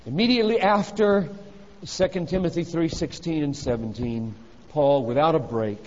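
A man preaching a sermon in a high voice. He presses hard on key phrases, then drops to a low, quiet tone. The recording is dull and carries a long reverb from a large hall. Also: normal speed. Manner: emphatic, swinging from loud exhortation to hushed low phrases.

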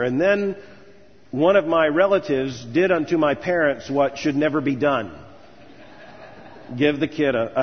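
A man with a slightly high voice and a breathy edge preaches an earnest commencement sermon, telling stories and building to emphatic lists. The recording sounds dull and carries a long hall reverb.

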